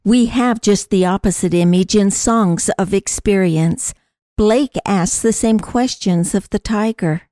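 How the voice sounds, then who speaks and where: Woman podcast host, slow and measured reading, mellow tone, dry studio sound. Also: mid-range voice, dry recording. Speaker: podcast co-host and poetry reader.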